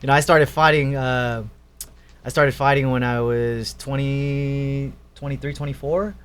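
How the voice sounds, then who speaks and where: Casting note: a laid-back guy in his thirties, slangy storyteller, mid-pitched male voice. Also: steady tone, a little slow, fairly bright tone, smooth. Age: 30s. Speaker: guest, professional fighter. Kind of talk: casual storytelling chat.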